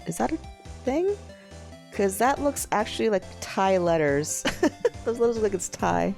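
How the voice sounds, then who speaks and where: A woman's voice: mid-range voice, expressive, measured pace, creaky, pauses often, darkish tone, faint music behind. A young woman streamer giving casual, rambling commentary while playing a game. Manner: musing, rambling, many fillers. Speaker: let's play streamer.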